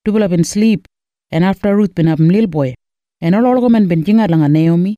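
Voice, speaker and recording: Kriol accent guy reading a bible story, steady rhythm, dull lo-fi sound, very dry. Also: high voice, fairly quick, no room sound. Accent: Australian Kriol. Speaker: scripture reader.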